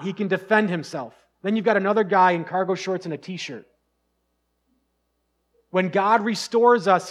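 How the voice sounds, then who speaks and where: Earnest male pastor preaching. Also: sits high. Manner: earnest, conversational preaching with bursts of emphasis. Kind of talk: sermon.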